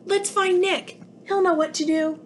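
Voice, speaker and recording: A brave little girl alien from a storybook cries out in a very high, excited voice, as a woman reads her part. She sounds eager and small. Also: measured pace, slight background noise.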